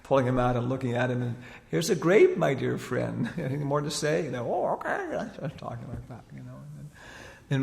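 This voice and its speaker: A man with a deeply gravelly, creaky voice gives an informal spiritual lecture. He talks in a loose, rambling way, filled with casual fillers. The sound carries a long reverberant tail, as in a lecture hall. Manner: chatty and rambling, many "you know" fillers, laughs while retelling. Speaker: spiritual teacher giving a lecture. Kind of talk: informal religious lecture, storytelling.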